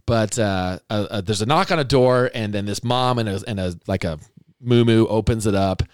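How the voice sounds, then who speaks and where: A man's voice: on the low side, normal speed, clean tone, no room sound, clean studio sound. A man hosting a casual interview podcast, rambling and often correcting himself with fillers. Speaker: podcast host.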